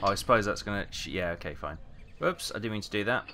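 Chatty low-voiced Welsh man, noisy. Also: lively intonation, fast talker. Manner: chatty, muttering while working, British exclamations. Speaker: gaming video host. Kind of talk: casual let's play commentary.

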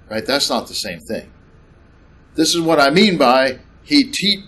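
A man's voice: a little high, a bit bright. A man preaching a sermon, emphatic and sarcastic, repeating points with questions to the congregation. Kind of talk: sermon with slides.

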